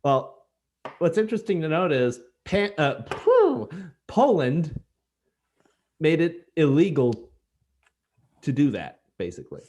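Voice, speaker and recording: A man co-hosting a podcast in casual chat, dropping dry, deadpan asides and rambling explanations full of fillers. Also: fairly high pitch, slow pace, long pauses. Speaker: podcast co-host.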